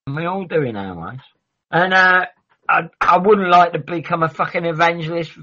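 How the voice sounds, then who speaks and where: Sweary man, bright lo-fi. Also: a little high, normal speed. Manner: rambling, sweary, argumentative. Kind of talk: heated casual chat. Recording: dull lo-fi audio.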